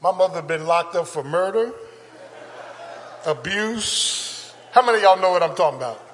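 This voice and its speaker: An older male pastor preaching a sermon with call-and-response, building to shouts. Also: high voice, a little hiss or hum. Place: church sanctuary. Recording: long church reverb.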